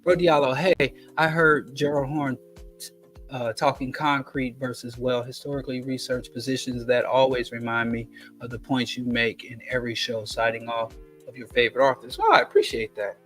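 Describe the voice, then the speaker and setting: A man hosting a radio call-in talk show, explaining his points in a measured, deliberate way. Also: medium pitch, little pitch movement, fairly bright tone, faint music behind.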